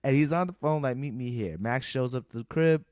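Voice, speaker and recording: A man's voice: mid-range voice, brisk, darkish tone, clear, resonant tone, no room sound, studio quality. A man co-hosting a casual podcast, retelling a film scene by scene and acting out the characters' lines, laughing often. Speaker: podcast co-host. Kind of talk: casual movie recap chat.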